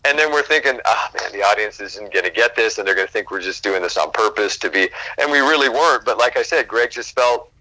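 Man, guest actor, animated storyteller, bright voice, dry recording. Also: lowish voice, quick pace, few pauses, dry recording, low-quality recording. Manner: animated, swearing, acts out quotes. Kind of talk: casual storytelling interview.

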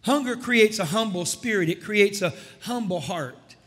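A man's voice: high voice, expressive, a little slow, a bit bright, slightly rough. A man preaching a sermon as pastor in a church, stumbling over repeated words and calling out to his congregation. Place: church sanctuary. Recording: long church hall reverb.

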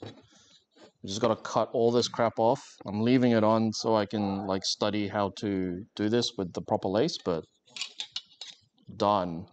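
A man's voice: lowish voice, fairly even intonation, measured pace, darkish tone. A man chatting casually and joking with viewers while working on a craft during a live stream. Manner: rambling, joking, talks to chat while working.

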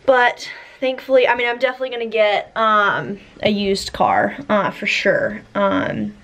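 A woman's voice: medium pitch, unhurried, a bit bright, a little hiss or hum. A young woman vlogging casually, rambling with many fillers and restarts, while she has the hiccups. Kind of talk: casual vlog chat.

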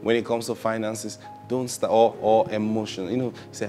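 A man's voice: fairly low pitch, little pitch movement, moderate pace, warm tone, soft background music. A man preaching a sermon who asks rhetorical questions, repeats his phrases and acts out what people say.

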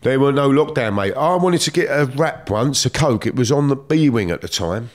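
A man's voice: mid-range voice, lively intonation, moderate pace. A middle-aged man with a London accent, telling stories from his past in blunt, streetwise slang, swearing freely. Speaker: guest. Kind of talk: casual storytelling.

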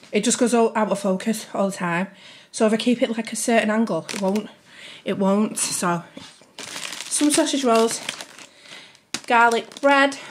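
Young mum rambling thru her food haul, a bit out of breath, slightly high voice. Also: slight background noise. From United Kingdom. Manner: chatty, rambling, keeps addressing viewers as guys. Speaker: family vlogger. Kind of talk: casual grocery haul chat to camera.

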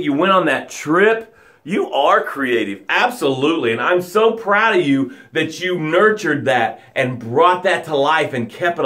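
A man coaches a live motivational audience in a slightly high voice. He lingers on key words and stretches his phrases out for weight. His delivery moves between loud, emphatic peaks and quiet, hushed breathing cues. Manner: dramatic, swinging from loud and emphatic to soft and hushed. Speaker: life coach.

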